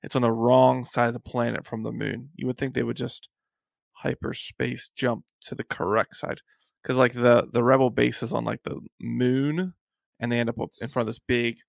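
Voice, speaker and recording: Gravelly laid-back man. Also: medium pitch, moderate pace, no echo, clean studio sound. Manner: laid-back, lots of "like" fillers. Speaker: guest host. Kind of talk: casual movie review chat.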